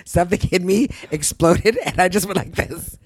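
A woman casually telling a family story, acting out relatives with bursts of high, put-on voices. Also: moderate pace, slightly rough, dry recording. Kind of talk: casual chat.

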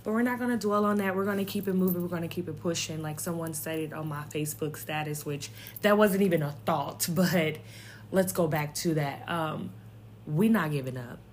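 A woman's voice: low voice, fairly quick, a little hiss or hum. A woman hosting her own podcast, talking in a rambling, candid and upbeat way, with lots of fillers and laughter. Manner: upbeat and self-encouraging. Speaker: podcast host. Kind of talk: casual solo podcast chat.

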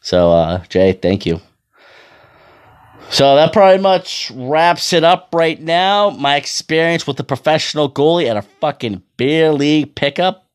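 A man's voice: fairly high pitch, big pitch swings, a little slow, smooth. A man in his thirties telling a rambling, profane story in casual monologue, often laughing. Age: 30s. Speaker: amateur hockey goalie.

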